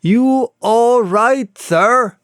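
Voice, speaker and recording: A man's voice: extremely high pitch, extremely slow, fairly bright tone, clear, resonant tone, no echo, studio quality, voice pushed up, exaggerated voice. A man reading as a puzzled country innkeeper. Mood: calling out. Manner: plain rustic speech. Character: slow-witted male country innkeeper.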